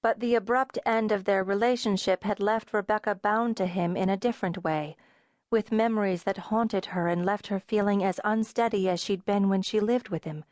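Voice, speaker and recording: A woman's voice: medium pitch, no echo. Woman reading an audiobook in a dry booth. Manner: measured, even storytelling. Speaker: audiobook narrator. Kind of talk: scripted narration.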